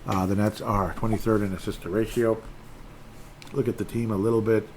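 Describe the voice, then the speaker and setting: A man's voice: on the low side, flat delivery, fairly quick, darkish tone, a little hiss or hum. A middle-aged man hosting a casual sports podcast, rambling through stats with frustrated, self-deprecating asides. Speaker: podcast host.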